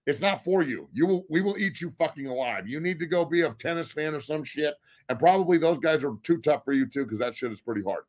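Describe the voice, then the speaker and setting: A man's voice: on the high side, expressive, a little fast. Blunt, profane man in sports debate. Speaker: guest, former football player. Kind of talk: casual podcast debate.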